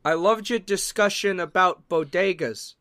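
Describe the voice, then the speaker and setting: A man voicing a gruff male head chef who speaks slowly, putting on a New York accent. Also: high voice, bright, forceful tone, no echo, clean studio sound, heavily acted. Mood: bossy. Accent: put-on New York accent.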